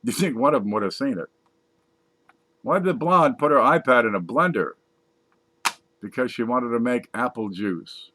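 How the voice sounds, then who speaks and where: Lively man reading jokes off a page. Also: moderate pace, pauses often. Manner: reads jokes aloud from a page, lively, putting on squeaky voices for punchlines. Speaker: joke reader. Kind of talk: casual joke reading.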